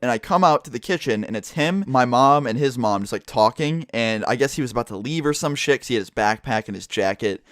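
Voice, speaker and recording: Fast-talking young guy, swearing a lot. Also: medium pitch, animated, no echo, studio quality. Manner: profane, rambling, lots of "like". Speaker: YouTube commentator. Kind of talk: casual storytime vlog. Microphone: studio microphone.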